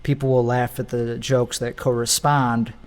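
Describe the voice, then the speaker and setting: A man's voice: medium pitch, flat delivery, measured pace. A comedian, a man, casually talking over his own stand-up recordings in a rambling, offhand way. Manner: rambling and offhand, with trailing restarts.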